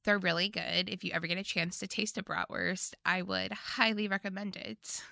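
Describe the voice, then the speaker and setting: A woman's voice: medium pitch, fairly even intonation, normal speed, creaky, bright, forceful tone, dry recording, studio quality. A woman co-hosting a podcast, casually recapping a movie, giggly and gushing with frequent swearing. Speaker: podcast co-host.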